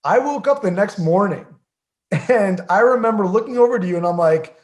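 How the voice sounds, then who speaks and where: Slightly high-voiced man, lively storyteller. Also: moderate pace. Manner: lively storytelling, laughs often, drops to quiet asides. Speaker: podcast guest. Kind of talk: casual chat.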